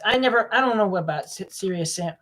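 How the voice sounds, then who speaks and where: Recording a vlog, this young vlogger speaks quickly in a high-pitched, expressive and fairly bright voice. As he clicks through things on his computer he mumbles, rambles and complains to himself about what turns up, giving a meandering screen-recording commentary.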